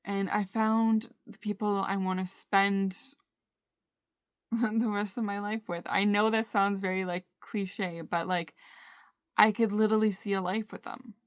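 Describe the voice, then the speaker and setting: A young woman talks into her phone camera for a personal video diary, speaking in a middle-pitched voice. She talks haltingly, stopping and restarting often. The room sound is dry and close. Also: level tone, no echo. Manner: halting, frequent fillers and restarts. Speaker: vlogger.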